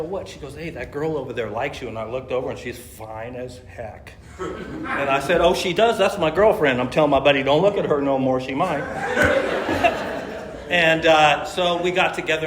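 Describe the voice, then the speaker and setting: A man's voice: on the high side, a bit bright, a little hiss or hum. Middle-aged man from California, casual slangy storyteller at a recovery meeting, echoey hall. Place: meeting room. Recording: echoey meeting room, faint ambience.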